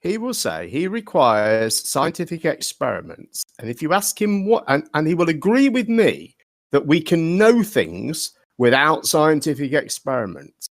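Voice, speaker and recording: A man in a heated live-stream debate, his pitch swinging widely as he presses his case. He sounds insistent and lecturing, sitting slightly high for a man, in a dry, close setting with no room sound. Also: very animated, unhurried, no room sound.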